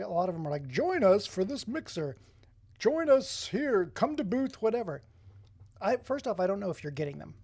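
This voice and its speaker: A man's voice: high-pitched, vocal fry, dark tone. A man hosting a casual live stream, chatting to viewers and greeting them by name. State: runny nose. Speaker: livestreamer.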